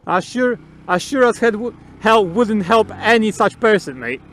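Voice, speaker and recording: A man's voice: high voice, animated, measured pace, a bit bright, slight background noise. A man riding outdoors on a motorbike, giving his opinions in a rambling, casual way, swearing freely and laughing often. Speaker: motovlogger.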